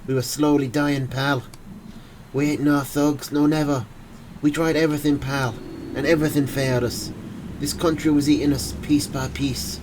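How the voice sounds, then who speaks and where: A man's voice: a little high, level tone, moderate pace, background noise, close to an everyday voice. A man voicing a guilt-ridden young Irish immigrant, pleading breathlessly in an Irish accent. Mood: anguished pleading. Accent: put-on Irish.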